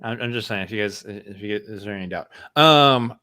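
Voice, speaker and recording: A man co-hosting a film podcast, chatting casually in a rambling, halting way with plenty of fillers. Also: on the low side, pushed and bright. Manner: rambling, halting, self-deprecating. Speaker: podcast co-host. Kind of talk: casual chat.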